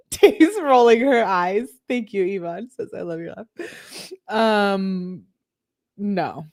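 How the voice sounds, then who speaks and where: A woman's voice: mid-range voice, expressive, slow pace, a little mellow. A woman hosting a casual live stream, reading text messages aloud and reacting as she goes, with frequent "like" fillers.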